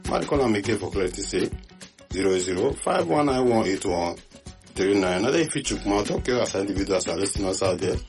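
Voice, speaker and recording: Nigerian guy hosting a radio show, lowish voice, chatty, faint music behind. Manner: animated and chatty, in Pidgin-laced English. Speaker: radio host. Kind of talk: casual chat.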